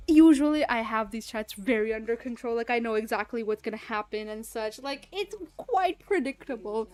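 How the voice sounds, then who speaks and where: A young woman livestreaming, telling a rambling, animated story full of fillers, swearing and laughter. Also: on the high side, moderate pace, few pauses, soft background music. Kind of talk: casual storytelling chat.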